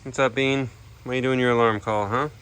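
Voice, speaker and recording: A man's voice: medium pitch, steady tone, a little fast. A man, chatting casually to his animals outdoors and talking to them affectionately. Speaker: animal keeper vlogger. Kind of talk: casual chat to camera. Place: outdoors among animal pens and aviaries. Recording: outdoor noise with animal sounds.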